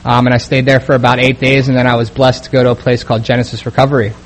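A young man telling his recovery story as a personal testimony, halting with many fillers and restarts. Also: mid-range voice, flat delivery, slight background noise. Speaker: speaker sharing a recovery story.

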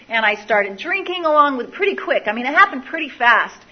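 A woman's voice: high voice, very animated, a little fast, few pauses, highs cut off. A woman telling her own life story to an audience, candid and confessional, often repeating phrases. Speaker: speaker sharing a recovery story. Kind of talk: personal testimony to an audience.

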